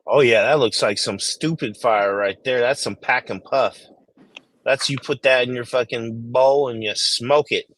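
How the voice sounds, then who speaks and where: Slow-talking laid-back man hosting. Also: medium pitch, fairly bright tone. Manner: loose, profane, laid-back banter. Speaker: host. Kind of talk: casual chat among growers.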